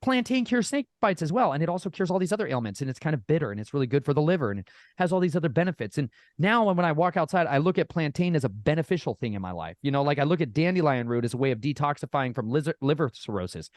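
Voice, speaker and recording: A man talking casually as a podcast guest, folksy and animated, often addressing listeners as y'all. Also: fairly high pitch, fast talker, dry recording, clean studio sound. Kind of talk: casual storytelling chat.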